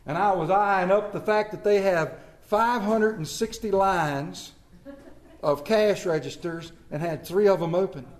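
A man's voice: sits high, unhurried, reverberant, rough recording. A man preaching a sermon, reading scripture and telling stories with emphatic calls to his congregation. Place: church.

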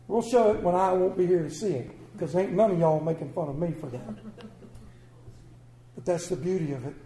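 A pastor who tells stories emotionally in a church sermon, swinging from hushed to booming. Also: male voice, normal speed, vocal fry, a little hiss or hum. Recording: roomy church echo.

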